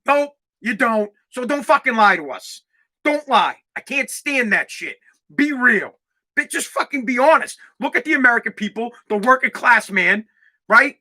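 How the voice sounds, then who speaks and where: A man from Massachusetts, hosting a solo podcast and ranting loudly with lots of swearing and restarts. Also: very high voice, animated, moderate pace. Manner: loud, swearing, repetitive restarts. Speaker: podcast host. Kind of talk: profane solo podcast rant.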